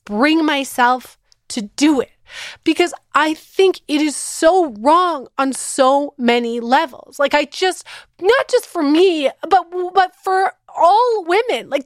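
Woman host, thirties, high voice, dry close mic, fired-up emphatic storytelling. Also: fairly bright tone, no room sound. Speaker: podcast host. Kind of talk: animated storytelling.

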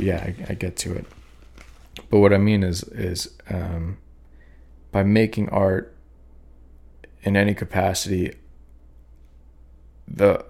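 A young man with a daughter, hosting a podcast and talking over his own poems in a halting, reflective way, with many fillers and restarts. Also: low-pitched, vocal fry, darkish tone. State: sleepy, yawning. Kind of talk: rambling reflective talk.

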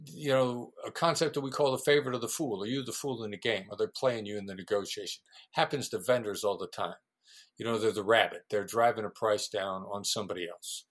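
A middle-aged man, a former negotiator being interviewed, explaining ideas in a lively conversational way and acting out quoted voices. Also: fairly low pitch. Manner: animated storyteller, acts out quoted voices. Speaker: former FBI negotiator, guest.

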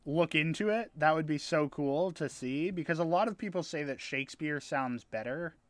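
A man's voice: fairly high pitch, moderate pace, no room sound. A man telling a rambling story in casual chat with friends, swearing now and then. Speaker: podcast co-host telling a story.

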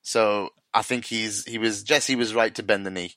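A man's voice: fairly low pitch, fairly even intonation, normal speed, fairly bright tone, no echo. A man co-hosting a podcast, casually recapping a TV episode in a loose, sweary way with plenty of laughter. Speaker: podcast co-host.

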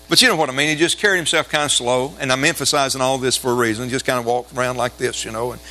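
Male pastor, rapid delivery, tense bright tone, folksy animated storyteller in church. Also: medium pitch, rough recording. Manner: animated, folksy storytelling that builds to shouted exhortation. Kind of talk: storytelling sermon with call-and-response.

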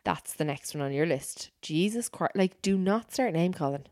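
Chatty woman, low voice. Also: animated, normal speed, a little mellow, no echo, clean studio sound. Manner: chatty, emphatic, repeats herself. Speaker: podcast co-host. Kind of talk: casual chat.

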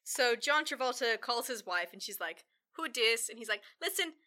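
A woman casually recapping a film plot, rambling with lots of fillers and putting on quick voices for the characters. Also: fairly high pitch, lively intonation, pushed and bright. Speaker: podcast co-host recapping a film. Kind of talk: casual chat.

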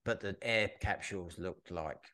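Low-voiced man telling stories. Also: normal speed, a loud crowd. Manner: animated storyteller, mimics shop staff with raised pitch. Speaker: podcast co-host. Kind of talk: casual chat.

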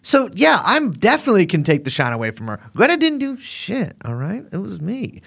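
A man's voice: high voice, wildly swooping pitch, fairly quick, gravelly, fairly bright tone, slightly rough. A man co-hosting a podcast in casual, joking chat, rambling with restarts and swearing. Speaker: podcast co-host.

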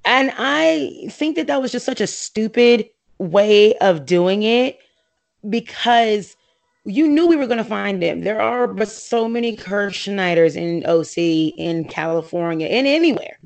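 A woman's voice: medium pitch, animated, unhurried, creaky, a little mellow. An American woman chatting casually and opinionatedly about reality TV, laughing often and slipping into voices when she quotes friends.

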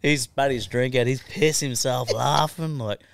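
A man's voice: mid-range voice, a little slow, gravelly, dry recording. A young Australian man on a podcast, telling stories in a casual chat. He swears constantly and laughs through his stories. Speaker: podcast guest.

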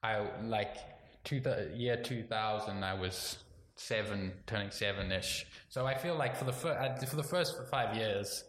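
A man's voice: on the low side, fairly bright tone. Rambling South African man in his twenties. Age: 20s. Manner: rambling, filler-heavy, quick to laugh. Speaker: comedian guest. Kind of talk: casual podcast chat. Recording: echoey room, faint background noise.

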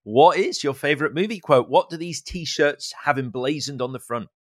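A man's voice: a little high, moderate pace, no echo, studio quality. A middle-aged man hosting a film chat show, wry and self-mocking, with frequent stammered restarts. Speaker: podcast host. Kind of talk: casual interview chat.

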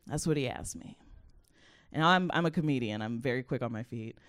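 Young woman comic spinning a story, smooth clear voice, chatty and laughy, lots of "like". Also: sits low, moderate pace. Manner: animated, chatty, often laughing, frequent "like" fillers. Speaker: comedian. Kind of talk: comedic storytelling.

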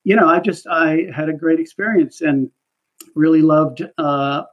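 A man working in market research, telling career stories in a relaxed interview, chatty and full of fillers. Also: fairly high pitch, unhurried. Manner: chatty, animated storytelling with laughs and many fillers. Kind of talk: casual interview conversation. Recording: dull lo-fi audio.

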